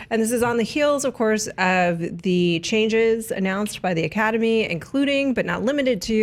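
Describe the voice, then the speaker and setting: A woman hosting a casual entertainment panel chat, playful and teasing, laughing often. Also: medium pitch. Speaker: show host.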